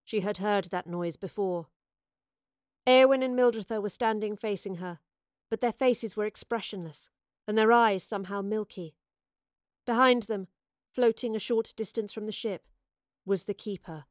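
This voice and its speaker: Woman reading a fantasy audiobook, dramatic and expressive, dead dry close sound. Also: medium pitch, normal speed, pauses often, no room sound. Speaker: narrator. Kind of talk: audiobook narration.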